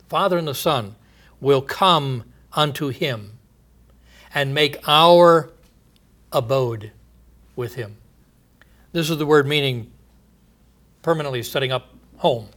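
A man preaching a sermon, building to emphatic, drawn-out phrases and dropping to a quiet low voice at the ends of thoughts, with short chuckles between points. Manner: emphatic, stretching key phrases with rising volume.

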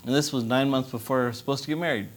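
A missionary preacher gives a testimony sermon in a medium-pitched voice at a racing pace. He is impassioned throughout, building up to loud pleading.

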